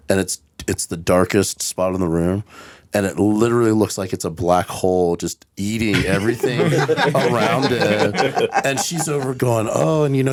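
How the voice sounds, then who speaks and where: A deep-voiced man from South Carolina hosts a casual podcast, rambling loosely through his asides. The recording is close and dry, with no room sound. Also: dry recording. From South Carolina, USA. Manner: relaxed, quick reactions, rambling asides. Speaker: podcast host. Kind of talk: casual chat.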